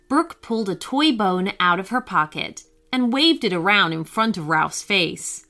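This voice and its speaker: A woman narrating a children's story, reading aloud gently and expressively. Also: mid-range voice, lively intonation, measured pace, hardly any pauses. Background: faint music.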